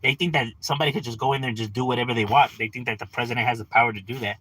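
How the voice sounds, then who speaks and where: A man's voice: medium pitch, fairly even intonation, very fast, pushed and bright, slightly rough, poor audio. A young adult man ranting bluntly and profanely on a livestream, tossing out rhetorical questions. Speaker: livestream host.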